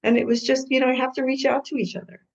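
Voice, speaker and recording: A woman's voice: high-pitched, racing, vocal fry. Woman mediator telling stories, lo-fi. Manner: lively storyteller who acts out quoted people. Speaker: guest, co-parenting mediator and author. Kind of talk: storytelling interview answers. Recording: dull lo-fi sound.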